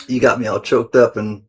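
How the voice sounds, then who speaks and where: A man with a mid-range, slightly bright voice hosts a casual livestream. He chats playfully with viewers, greets them by name, and laughs often.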